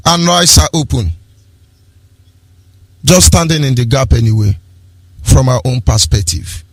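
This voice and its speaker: A man presenting live activist radio, speaking in a chanting, preacher-like way that rises to shouts. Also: medium pitch, expressive, measured pace, no echo.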